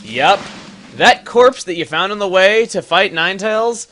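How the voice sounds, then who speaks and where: A man giving casual, joking commentary over his gameplay, breaking into loud excited exclamations. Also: high-pitched, normal speed, slight background noise. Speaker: let's play commentator. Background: game music.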